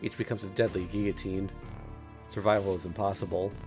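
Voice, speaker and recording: A man's voice: sits low, little pitch movement, a little fast, music in the background. A man streaming a read-aloud of a visual novel, narrating steadily with small stumbles and laughs.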